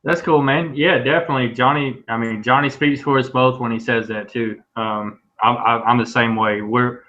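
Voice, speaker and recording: A man's voice: mid-range voice, steady tone, normal speed, sharp tone. A man co-hosting an online video hangout, talking in a laid-back, drawling way full of ums and fillers. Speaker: co-host of online business hangout. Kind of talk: casual chat. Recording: dull lo-fi mic.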